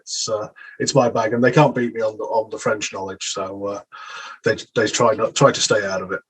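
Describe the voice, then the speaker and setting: A man's voice: lowish voice, level tone, brisk, husky, low-quality recording. An English man as an interview guest, speaking hesitantly with frequent restarts and repeated words. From England. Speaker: guest sports journalist. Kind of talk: casual interview.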